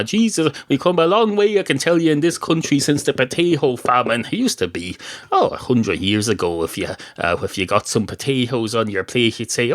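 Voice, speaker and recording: An Irish man hosts a podcast with a rambling, sardonic comic monologue and swears freely. His pitch is mid-range but swings widely as he talks. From Ireland. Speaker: podcast host.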